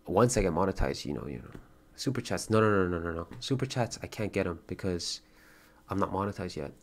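With a deep voice and brisk delivery, a streamer chats loosely, thanks donors and viewers, swears freely, and gets excited in short bursts.

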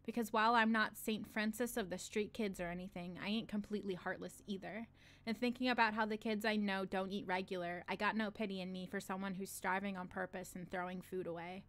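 A woman with a medium-pitched, creaky, fairly bright voice hosts a read-along of a short story. She voices its street-wise first-person narrator in a loose, slangy drawl, stopping now and then for casual asides in which she laughs and swears.

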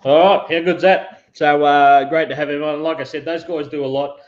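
A man's voice: a little high, steady tone, moderate pace. Laid-back Australian man in a roomy room. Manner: laid-back, matey, rambling. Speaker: show host. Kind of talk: casual live-stream chat. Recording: roomy lo-fi sound.

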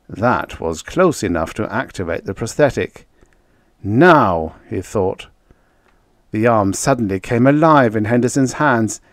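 Slow, low-voiced male audiobook narrator. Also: no echo, clean studio sound. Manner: measured storytelling. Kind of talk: scripted narration.

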